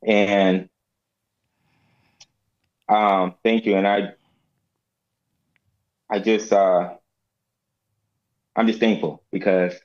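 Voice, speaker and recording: Deep-voiced man, early forties, earnest reflective talk, dull lo-fi sound. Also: level tone, darkish tone. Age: 40s. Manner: earnest, measured, grateful. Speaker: guest.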